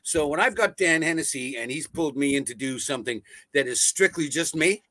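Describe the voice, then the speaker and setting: A man, a voice actor telling stories in a casual interview, animated and swearing freely over a video call. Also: on the high side, brisk, no room sound. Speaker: voice actor guest. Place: home setup on a video call.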